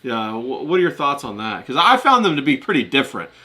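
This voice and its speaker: A man's voice: medium pitch, sing-song, fast talker, sharp tone. A man hosting a casual interview, asking long, meandering questions full of fillers and laughing easily. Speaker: host.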